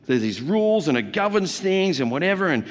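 A man's voice: high voice, big pitch swings, brisk. Jokey male pastor in a reverberant hall. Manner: jokey, conversational, playful asides to the congregation. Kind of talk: sermon. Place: church auditorium.

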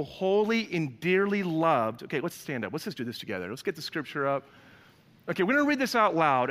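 Lively, animated male preacher. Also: high-pitched, in a large hall. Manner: animated storytelling with playful voices for quoted people. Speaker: pastor. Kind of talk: sermon.

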